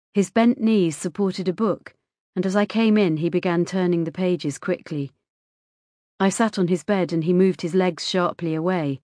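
Woman reading an audiobook, lowish calm voice, very dry studio sound. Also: no room sound. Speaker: audiobook narrator. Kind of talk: scripted first-person narration.

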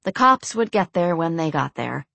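Give me a woman narrating a dark story in a steady, even way. Her voice sits fairly low, and the recording is dry and close, with no room sound around it. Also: moderate pace, vocal fry, no room sound.

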